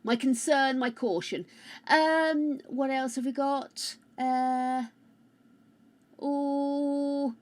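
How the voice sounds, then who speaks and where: A woman chatting casually with her live-stream viewers on a close mic, loud and rambling, greeting people by name. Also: sits high, steady tone, very slow.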